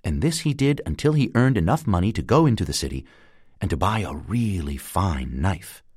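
Deep-voiced man reading a storybook aloud. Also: normal speed, breathy edge, no echo, clean studio sound. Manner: lively, expressive reading. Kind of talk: storybook narration.

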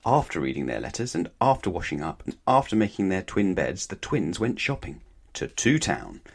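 A man reading a children's storybook aloud in a gentle, playful, unhurried way. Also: deep voice, big pitch swings, gravelly, husky.

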